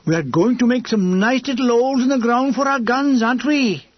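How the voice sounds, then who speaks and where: A man doing a Welsh sergeant major, half-evil and half-benign, barking orders in a high, loud, sing-song voice. The recording is dry and a little dull, with a slightly husky tone. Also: a little fast, no echo. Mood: mock cheery. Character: fussy Welsh sergeant major, mock-cheery bully.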